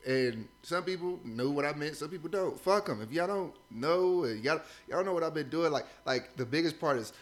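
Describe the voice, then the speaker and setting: A man's voice: on the high side, animated, moderate pace, few pauses. Slangy, heated man ranting on a podcast. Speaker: podcast co-host. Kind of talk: casual chat.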